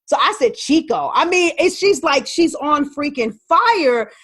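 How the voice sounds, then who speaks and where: A woman, telling an animated story about learning Spanish. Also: high-pitched, a little slow, dry recording. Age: 40s. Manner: lively, animated storytelling with quoted voices. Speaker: podcast host and Spanish learner. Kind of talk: testimonial talk.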